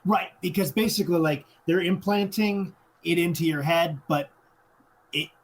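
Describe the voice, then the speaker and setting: A man co-hosting a podcast, explaining movie details in halting bursts with many restarts. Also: high voice, rough recording. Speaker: podcast co-host. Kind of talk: casual movie discussion.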